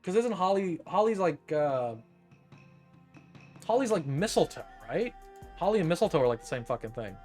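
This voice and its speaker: A man's voice: fairly high pitch, big pitch swings, moderate pace, long pauses, darkish tone, faint music behind. A young man streaming, reading an article aloud and riffing on it in a profane, incredulous, joking way. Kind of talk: casual reading and commentary.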